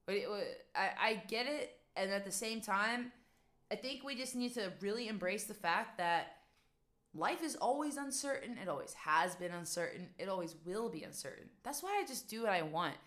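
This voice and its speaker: Speaking at normal speed, a young woman from West Virginia uses a mid-range, expressive, fairly bright voice. She's a vlogger and coach chatting casually to camera in an advice monologue, emphatic and full of rhetorical questions.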